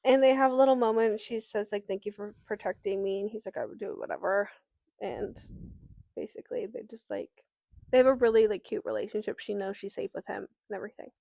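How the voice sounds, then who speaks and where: In a casual book discussion, a woman co-host recaps a novel's plot with fillers and the odd swear word. Her mid-range voice is creaky and dark, and she speaks fairly quickly with no echo.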